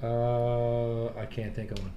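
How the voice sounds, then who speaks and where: A man co-hosting a podcast, an animated storyteller who jumps into other people's voices when recounting old stories. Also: mid-range voice, slow, lo-fi sound. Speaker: podcast co-host. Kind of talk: casual chat. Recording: echoey room with faint background noise.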